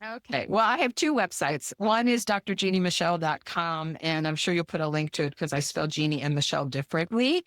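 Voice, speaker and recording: A woman's voice: deep voice, expressive, brisk, few pauses, fairly bright tone, dry recording. Effusive woman guest, dry close sound. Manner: effusive, enthusiastic, frequent restarts. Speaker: guest author and coach. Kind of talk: casual interview chat.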